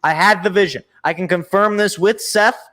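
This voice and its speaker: A young man with a high, bright voice reacts live as a sports show host. He rambles with exasperated sarcasm, jumping from gripe to gripe. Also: moderate pace.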